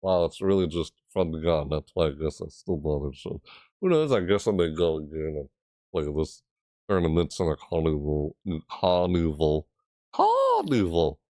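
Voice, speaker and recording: Low-voiced man rambling about games. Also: normal speed, dark tone, dry recording, clean studio sound. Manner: rambling and hesitant, thinking aloud. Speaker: gaming video creator. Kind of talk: casual game commentary.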